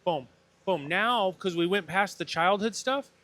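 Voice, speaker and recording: A man's voice: sits high, lively intonation, a little slow, bright, forceful tone. A man, a podcast guest, telling an earnest and emotional personal story and acting out the dialogue in it. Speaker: podcast guest, breathwork facilitator.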